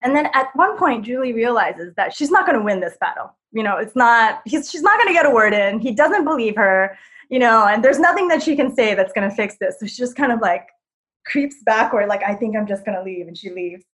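Lively young woman telling a story. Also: on the high side, fairly quick. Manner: animated, lots of "like", acts out quotes loudly. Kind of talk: personal story on stage.

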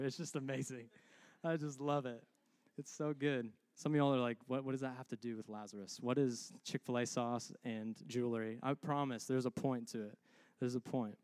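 A man's voice: mid-range voice, dry recording. Casual, joking young male pastor. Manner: conversational, humorous, animated. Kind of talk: sermon.

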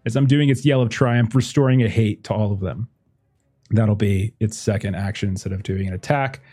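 A man's voice: on the low side, brisk, mellow, breathy edge. A man running a tabletop game as game master, thinking aloud with many fillers and laughing often as he talks. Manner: laughs often while talking. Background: faint music.

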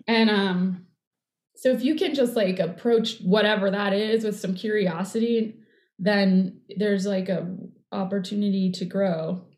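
A woman's voice: mid-range voice, steady tone, a little slow. Woman, middle-aged, casual chat, rambling filler-heavy talk, echoey room. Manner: warm, rambling, many "like" fillers. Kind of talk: casual conversation.

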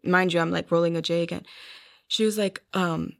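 A woman's voice: fairly low pitch, fairly even intonation, fairly quick. Earnest woman telling her testimony. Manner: earnest storytelling, acting out quoted voices. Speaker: guest sharing her testimony. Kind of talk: personal testimony interview.

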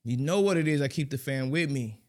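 A man's voice: mid-range voice, lively intonation, fairly quick. A man hosting a casual podcast, opening the show with upbeat hype and banter. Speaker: podcast host. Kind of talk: casual chat.

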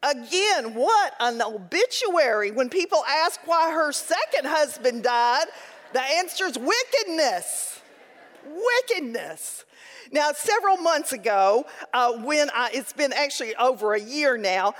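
A woman with a high voice leads a Bible study, weaving funny personal anecdotes into her teaching. Her voice rings with a long reverb, as if spoken in a large hall. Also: unhurried, hardly any pauses. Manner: lively, humorous anecdotes.

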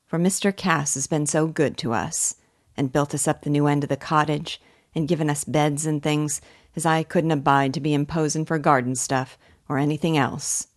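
Gentle old village weaver, humble and soft-spoken, read by a woman in a low register. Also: steady tone, moderate pace, no echo, clean studio sound, lightly acted. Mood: earnest. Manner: mild, plain country speech.

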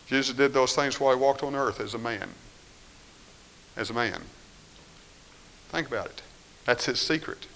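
A man preaching a sermon, reading scripture and moving between quiet firm statements and raised, pleading voices. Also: medium pitch, normal speed, gravelly, long pauses, rough recording.

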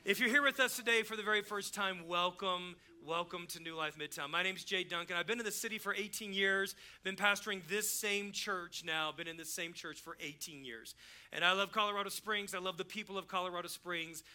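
A middle-aged pastor delivers a sermon in a church with a high, bright, ringing voice. He preaches like he is chatting, telling stories and playing out both sides of a conversation. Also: fairly quick, clean tone. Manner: conversational storytelling preacher, acts out dialogue. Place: church sanctuary.

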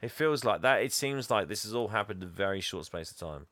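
A man's voice: fairly low pitch, expressive, fast, a bit bright, no room sound. Laughing, rambling man recapping a film. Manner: laughing, rambling storyteller, acts out characters. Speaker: podcast co-host. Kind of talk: casual movie recap chat.

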